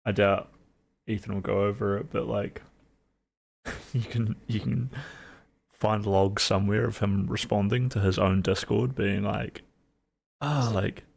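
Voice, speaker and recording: Gravelly Kiwi man chatting on stream. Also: lowish voice, steady tone, unhurried, long pauses, darkish tone. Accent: New Zealand. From New Zealand. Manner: rambling, filler-heavy, wry. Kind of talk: casual reaction chat.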